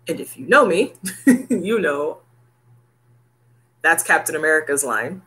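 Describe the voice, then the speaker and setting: A woman's voice: on the low side, animated, slow, pauses often, fairly bright tone, breathy edge. A woman in her thirties talking casually and heartfelt to her viewers, laughing often. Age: 30s. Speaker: vlogger. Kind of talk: casual chat to camera.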